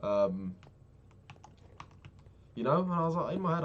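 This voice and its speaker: A man's voice: medium pitch, big pitch swings, normal speed, pauses often, a little hiss or hum. A young man chatting casually and rambling, swearing freely as he tells a story while playing a game. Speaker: vlogger. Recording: keyboard clicks and typing behind. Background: keyboard clicks.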